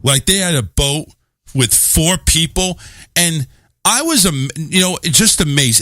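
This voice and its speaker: A man's voice: fairly high pitch, lively intonation, moderate pace, sharp tone, no room sound, clean studio sound. A man hosting a radio show, chatting casually and joking around, sometimes slipping into silly voices.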